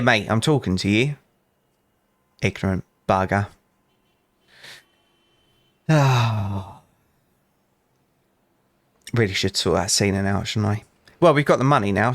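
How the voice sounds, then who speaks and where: His voice sits on the low side, with no echo in the recording. The speaker is a young British gaming channel host doing casual let's play commentary, chatting to customers and telling long, wandering anecdotes with a dry wit.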